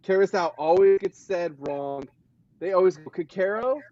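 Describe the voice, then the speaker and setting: A man's voice: high voice, normal speed, mellow, dry recording. A man co-hosting a casual talk show, bantering playfully and laughing along. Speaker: co-host. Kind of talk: casual chat. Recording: dull, dry sound.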